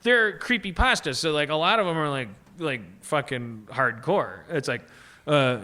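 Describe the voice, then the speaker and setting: A man's voice: a little high, expressive, measured pace, pushed and bright. A man hosting a comedy podcast, rambling on stage with restarts, profanity and frequent laughter. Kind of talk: rambling comic monologue. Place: live stage.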